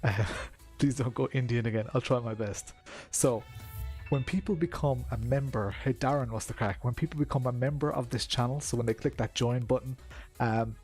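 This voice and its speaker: A man's voice: medium pitch, moderate pace, darkish tone. Chatty Irish man streaming over music. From Ireland. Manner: chatty, greets viewers by name, laughs often. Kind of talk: casual live-stream chat. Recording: music playing behind.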